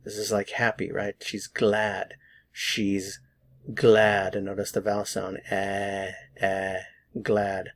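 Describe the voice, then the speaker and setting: A man with an American accent teaching a pronunciation lesson, repeating each word slowly and deliberately for learners to copy. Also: fairly low pitch, level tone, a little hiss or hum. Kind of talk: slow drilled pronunciation lesson.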